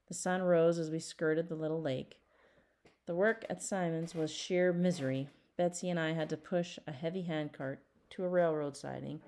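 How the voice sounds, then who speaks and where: A woman reading a memoir aloud as an audiobook, in a measured and earnest first-person narration. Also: sits low, a little mellow. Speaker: audiobook reader.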